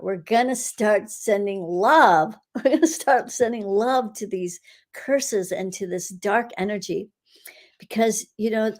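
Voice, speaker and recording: A woman hosting a live session as an energy healer, guiding a meditation in an unhurried way with frequent soft laughs and the odd whisper. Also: medium pitch. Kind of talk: guided energy-clearing meditation.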